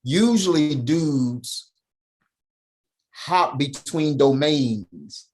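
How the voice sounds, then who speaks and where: A man guesting on a podcast, talking casually in an animated, slangy way and punctuating his points with "right?". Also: on the high side, drawn-out words. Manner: slangy, emphatic, laughs while telling stories. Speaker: podcast guest, founder of a men's program. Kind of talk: animated storytelling, casual talk.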